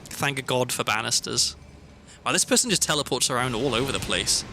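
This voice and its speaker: A man's voice: mid-range voice, animated, a little fast, pushed and bright. A British man chatting casually while streaming a game, rambling and breaking off mid-sentence, with game music underneath. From Britain. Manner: chatty, rambling, self-interrupting. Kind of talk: casual gameplay commentary. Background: background music.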